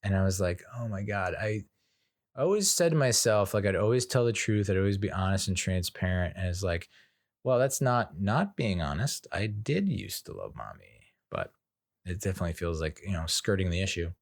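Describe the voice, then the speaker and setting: Rambling divorced dad with a low voice. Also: male voice, big pitch swings, normal speed, no room sound, clean studio sound. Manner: rambling, frequent fillers, wry sarcastic asides. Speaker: podcast host. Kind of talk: solo casual podcast monologue.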